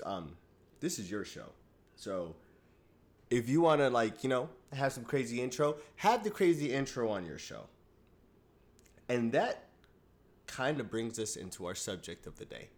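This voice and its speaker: A man hosting his own podcast, talking casually, swinging between loud hype and low mumbling, with many fillers. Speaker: podcast host. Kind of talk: casual solo podcast monologue.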